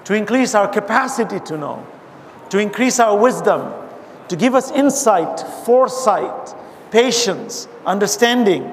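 An Islamic speaker from abroad who now lives in America gives an impassioned religious talk to an audience in a hall, reciting Arabic verses between his explanations. His voice sits high, with lively intonation and a measured pace. The recording carries hall reverb and faint noise.

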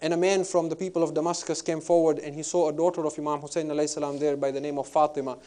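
A man's voice: on the high side, little pitch movement, warm tone. A man preaching a devotional sermon, recounting a sacred story and drawing out key phrases with emphasis. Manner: recites scripture-like phrases with drawn-out emphasis.

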